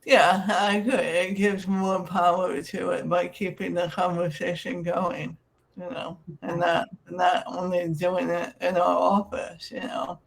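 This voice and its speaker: A woman's voice: lowish voice, flat delivery, measured pace, creaky. A middle-aged woman hosting a podcast, speaking casually and supportively with frequent fillers. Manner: casual, affirming, many fillers. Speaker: podcast host, sex therapist. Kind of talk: podcast interview.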